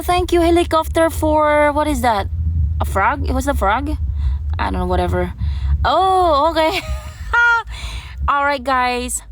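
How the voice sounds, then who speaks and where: A woman chatting casually on a live stream while paddling outdoors, giggly and easily excited. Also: on the high side, a little hiss or hum.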